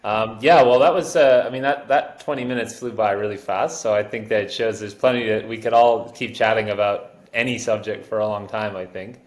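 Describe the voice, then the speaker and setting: Male podcast host with a lowish voice, halting and unhurried, recorded with a roomy echo. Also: steady tone. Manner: hesitant, halting, full of ums and restarts. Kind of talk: casual chat.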